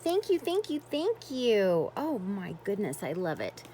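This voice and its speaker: Woman, craft unboxing vlog, unhurried pace, gushing exclamations, lively pitch. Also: a little hiss or hum. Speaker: craft vlogger. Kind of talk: casual unboxing chat.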